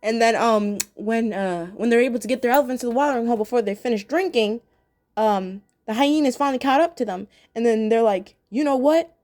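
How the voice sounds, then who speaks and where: A woman's voice: on the high side, fairly quick, darkish tone. A young adult woman casually reviewing a cartoon episode, chatty and giggly with many ums and restarts. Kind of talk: casual chat.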